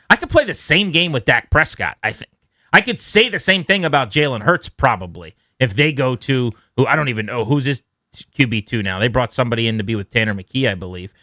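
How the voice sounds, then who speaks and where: A man's voice: mid-range voice, animated, quick pace, bright, forceful tone, dry recording, studio quality. A man co-hosting a sports radio show, talking through football analysis in a conversational, probing way. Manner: conversational, analytical, drills into points. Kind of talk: casual sports talk.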